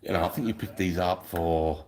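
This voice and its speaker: A middle-aged Australian ex-soldier tells blunt stories loaded with profanity during a casual podcast chat. His voice sits low with a darkish tone, and he talks at normal speed.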